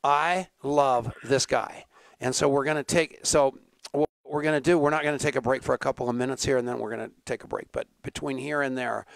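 A man's voice: mid-range voice, gravelly, dry recording. A man hosting a talk show, joking, laughing often and telling stories in casual banter. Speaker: show host.

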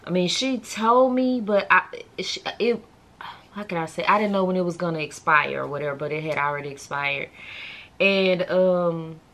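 A woman's voice: on the low side, moderate pace, fairly bright tone. A woman chatting casually to her viewers in a vlog, talking straight to camera. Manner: subdued and emotional. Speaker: vlogger.

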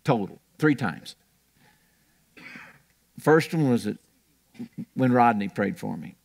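A man's voice: medium pitch, lively intonation, takes it slowly, vocal fry. An older man preaching a sermon in a church, telling stories in a rambling way with restarts.

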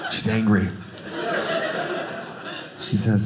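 Slow, wry man telling stand-up stories. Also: medium pitch, noisy background. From Cleveland, USA. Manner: slow, wry, self-deprecating storytelling. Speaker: stand-up comedian. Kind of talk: stand-up storytelling. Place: comedy stage before a live audience. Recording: echoey room with audience laughter.

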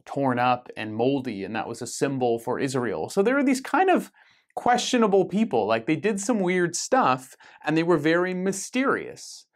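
Man teaching a casual Bible study. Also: medium pitch. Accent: American. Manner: conversational, with frequent ums and self-corrections.

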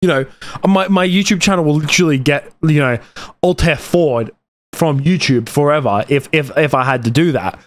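A man's voice: fairly high pitch, moderate pace. A young man giving rambling, profane commentary on his YouTube channel, stumbling and restarting his sentences often. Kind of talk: casual commentary vlog.

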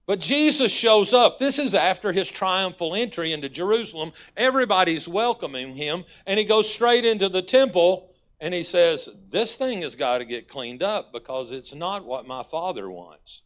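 Man, Texan accent, preaching a sermon, somewhat high voice, folksy, conversational, emphatic bursts. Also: lively intonation, moderate pace, fairly bright tone. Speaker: guest pastor.

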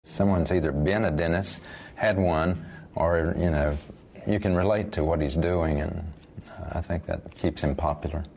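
Gravelly older man, self-deprecating. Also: deep voice, steady tone, moderate pace, hardly any pauses, darkish tone. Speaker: cartoonist. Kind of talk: documentary interview.

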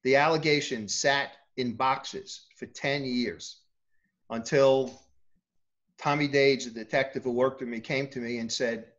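A man's voice: mid-range voice, steady tone, a little slow, fairly bright tone, muffled recording. A man talking as a guest author in a casual interview, hesitating often with ums.

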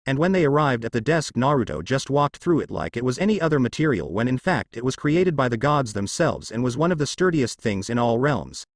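A man reads a fan fiction story aloud, with a lively, rising and falling pitch. He voices each character's lines without changing his own voice. The recording is close and dry, with no room sound. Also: dry recording. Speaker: narrator. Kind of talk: fanfiction story narration.

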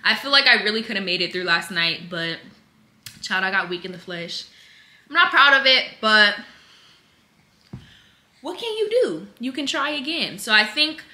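Casting note: young woman, bright voice, chatty home vlog, lively delivery. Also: mid-range voice, normal speed, reverberant. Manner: chatty, addresses viewers as y'all; sing-song baby talk to her infant. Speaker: vlogger and mother. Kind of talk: casual chat to camera.

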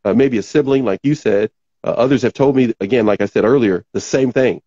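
Male host, mellow tone, voice going hoarse, rambling chat reading comments, muffled lo-fi stream audio. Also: mid-range voice, brisk, no room sound. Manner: rambling, reads viewer comments aloud, voice tiring. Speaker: podcast host. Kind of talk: casual talk show chat.

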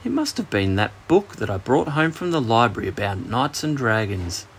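A man's voice: mid-range voice, very animated, normal speed, a little hiss or hum. A man with an Australian accent voicing an eager, earnest young boy in a bedtime story, in a raised, childlike voice.

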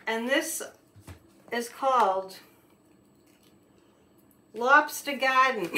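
Slow-paced bright-voiced woman reading aloud. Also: fairly high pitch, animated, slight background noise. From Gloucester, Massachusetts, USA. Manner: chatty, giggly, lingers on words while showing pictures. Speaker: video host reading a picture book aloud. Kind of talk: casual storytime reading with chatty asides.

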